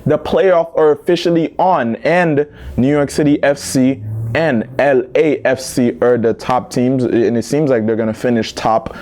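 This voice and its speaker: A man hosting a football news vlog, talking to viewers in a lively, slangy, casual way. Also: mid-range voice, unhurried. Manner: animated, slangy, talks straight to viewers.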